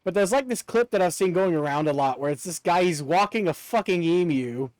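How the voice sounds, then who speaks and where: A man's voice: sits high, lively intonation, brisk, darkish tone, dry recording. A male streamer chatting casually and joking with his viewers while playing a game, laughing often. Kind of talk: casual gameplay chat.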